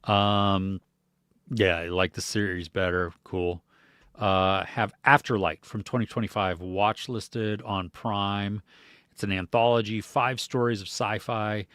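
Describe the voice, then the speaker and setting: A man's voice: lowish voice, takes it slowly, smooth, no echo, studio quality. An American man hosting a casual podcast, chatting loosely about movies and reading out viewer comments, with lots of fillers and small laughs. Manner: relaxed, rambling, with many fillers and small laughs. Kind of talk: casual chat.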